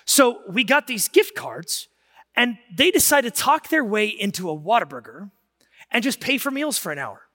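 A man preaching a sermon as pastor, telling stories in an animated way that rises to shouts of emphasis. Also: very high voice, normal speed, long reverb tail. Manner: animated storytelling, rising to shouts.

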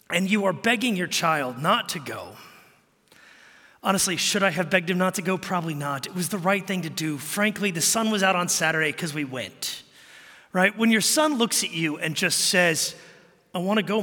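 With a high-pitched voice and a big-room sound, a male pastor delivers his sermon through animated storytelling, performing each character's lines.

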